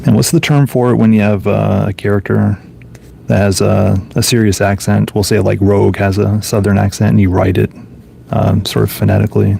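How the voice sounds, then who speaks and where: A man with a low voice and a heavily gravelly, fry-filled tone, talking to himself in an offhand, unhurried way as he leafs through old comics. A faint hiss sits under the recording. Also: flat delivery, dark tone. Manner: musing, offhand, thinking aloud while flipping pages. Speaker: comic book reviewer. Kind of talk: casual solo commentary.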